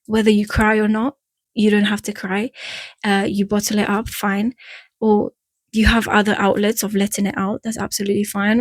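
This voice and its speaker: Her voice is medium in pitch and free of room sound. A vlogger with an Eastern European accent, she chats frankly to the camera about getting through a breakup, often drifting off topic and laughing at herself.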